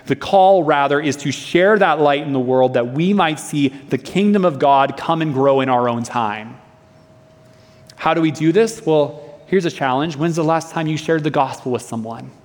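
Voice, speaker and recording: A young man preaching a sermon in a church, telling a personal story in an earnest, conversational way. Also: fairly high pitch. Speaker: pastor. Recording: long reverb of a hall.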